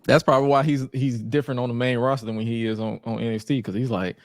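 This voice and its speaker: A man's voice: mid-range voice, fairly even intonation, quick pace, dry recording, clean studio sound. A man chatting casually about wrestling as a guest, with lots of restarts and frequent laughter. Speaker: podcast guest. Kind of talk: casual chat.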